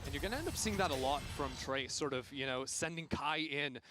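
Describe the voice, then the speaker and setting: A man giving analytical color commentary on an esports match, breaking into hype shouts. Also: on the high side, animated, brisk, over music. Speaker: esports caster.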